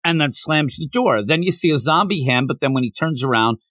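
A man on a podcast recaps a manga in a bouncy, up-and-down voice that sits a little high. He acts out bits of the scenes and laughs as he goes. The sound is dry and close. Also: expressive, brisk, fairly bright tone, dry recording. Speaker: podcast host. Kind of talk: casual chat, retelling a manga.

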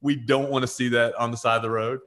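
Animated man telling a story. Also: mid-range voice, fast. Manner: animated storyteller, acts out quoted voices, frequent "like" and "right?". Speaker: podcast co-host. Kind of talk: casual faith conversation, storytelling.

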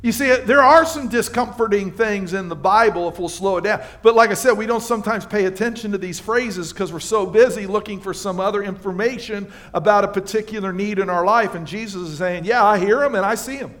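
Man preaching, high voice, animated, scripture reading, playful asides to congregation. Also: fairly quick, hardly any pauses. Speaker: pastor. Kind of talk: sermon. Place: church livestream.

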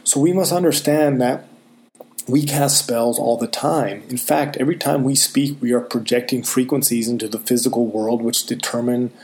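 A man giving a motivational self-help talk, earnest and emphatic, slowing down on key phrases. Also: medium pitch, fairly even intonation, a little mellow. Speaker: motivational speaker.

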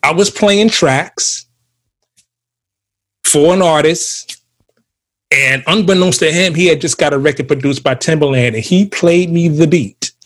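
A man co-hosting a casual ministry podcast, telling animated stories and acting out quotes. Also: fairly high pitch, unhurried, pauses often. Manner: animated storyteller, acts out quotes. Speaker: podcast co-host. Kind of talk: casual chat about ministry.

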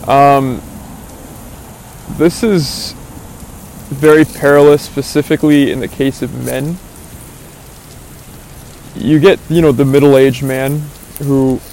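A man's voice: medium pitch, steady tone, slow pace, pauses often, darkish tone, a little hiss or hum. A man giving an earnest, philosophizing monologue, thinking aloud with asides and fillers. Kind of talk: reflective motivational monologue.

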